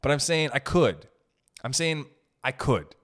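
A young man ranting in a profane, animated way during casual podcast chat. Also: medium pitch, measured pace. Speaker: podcast host.

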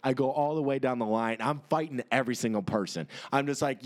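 A man in his twenties, a podcast co-host, telling a rambling story in casual chat, animated and swearing freely as he acts out the people in it. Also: mid-range voice, fast, hardly any pauses.

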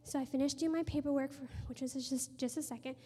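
A woman in her thirties giving an earnest sermon testimony and prayer to a room, telling stories and dropping to a hushed voice for emphasis. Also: high voice, steady tone, fast. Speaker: speaker sharing a testimony. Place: room with a gathered audience. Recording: long hall reverb.

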